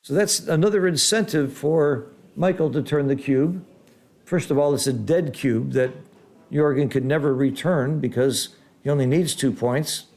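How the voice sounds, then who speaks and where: Excited guy calling a board game live, kinda high voice, explains stuff like a teacher. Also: moderate pace. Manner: excitable, exclaims loudly at big rolls, then explains calmly. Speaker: backgammon commentator and teacher.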